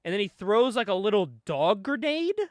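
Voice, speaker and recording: A man's voice: high voice, sing-song, normal speed, no echo. A man casually recapping a comic book, joking, swearing and laughing often as he goes. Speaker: podcast host reviewing a comic.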